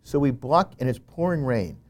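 Male guest, middle pitch, lively anecdote teller who often restarts his sentences. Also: normal speed. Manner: animated, frequent "you know" fillers and restarts. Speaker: interview guest. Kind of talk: conversational storytelling.

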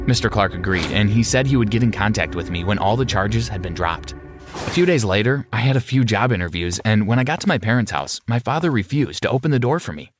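A man with a fairly low voice reads a first-person story aloud, steady and measured. Music plays clearly beneath his narration. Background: background music.

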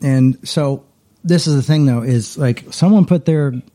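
A man's voice: mid-range voice, normal speed, dark tone. A middle-aged man, a pastor, talking casually in a rambling way, with many restarts and repeated words. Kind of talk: casual conversation.

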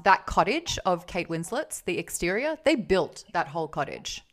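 Aussie girl on a chat podcast, lowish voice, keeps laughing while she tells stories. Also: sing-song, normal speed, a little hiss or hum. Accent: Australian. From Australia. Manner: laughs often, plays out quotes in storytelling. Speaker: podcast co-host. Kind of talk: casual chat.

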